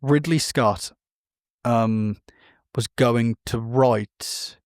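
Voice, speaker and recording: A man's voice: medium pitch, drawn-out words, no room sound, studio quality. A man, co-hosting a podcast and chatting casually about film news in a rambling, self-correcting way. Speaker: podcast co-host.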